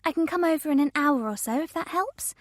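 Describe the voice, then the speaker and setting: A woman's voice: sits high, expressive, a little fast, no echo, studio quality, pitched above the performer's own voice. A woman voicing a concerned adult woman friend on the phone, who sounds worried but soothing.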